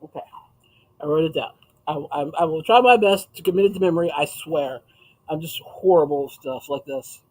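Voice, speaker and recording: A man's voice: a little high, brisk, rough recording. A man hosting a casual livestream chat, talking easily with viewers, reading their comments aloud and laughing often. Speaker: livestream host.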